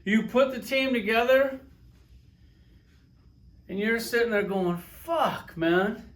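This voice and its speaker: A man's voice: very high voice, unhurried, a bit bright. A man reviewing collectible action figures in a casual vlog, sarcastic and profane, spinning little stories with acted-out quotes. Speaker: toy reviewer.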